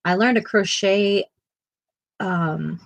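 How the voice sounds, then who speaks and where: A woman's voice: medium pitch, slow, vocal fry, no room sound, rough recording. A woman co-hosting a casual art livestream, chatting in a self-deprecating way and laughing often, and now and then cooing to her pet. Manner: cooing baby talk to a pet.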